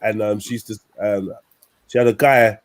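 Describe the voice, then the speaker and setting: At a normal speed and recorded dry, this young show host spins boisterous, joking stories amid crude casual talk. His pitch jumps around animatedly as he goes.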